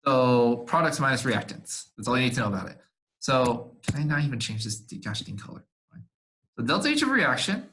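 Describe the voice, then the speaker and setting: A man's voice: medium pitch, brisk, fairly bright tone, poor audio. Casual, swearing young male chemistry tutor. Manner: casual and easily flustered, swearing and laughing at himself. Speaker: supplemental instruction leader.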